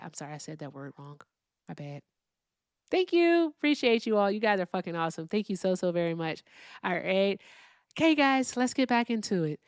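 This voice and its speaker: A woman's voice: mid-range voice, smooth, no echo, clean studio sound. A woman hosting a live call-in debate stream, chatting casually, thanking viewers by name and explaining things patiently.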